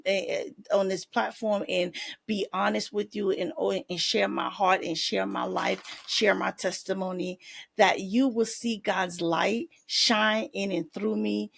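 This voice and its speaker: A woman's voice: mid-range voice, steady tone, slow, gravelly. A woman life coach hosting her own podcast, speaking faith-based encouragement and affirmations straight to her listeners.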